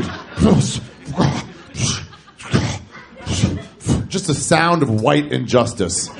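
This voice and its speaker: On a club stage with a handheld mic, a stand-up comedian in his thirties tells a story, acting out both ends of phone calls in raised voices. His voice is mid-range and creaky.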